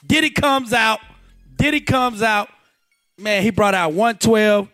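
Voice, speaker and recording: A man telling a lively radio story, acting out quotes with shouts and laughs. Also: high voice, a little slow, faint music behind. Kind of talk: animated storytelling.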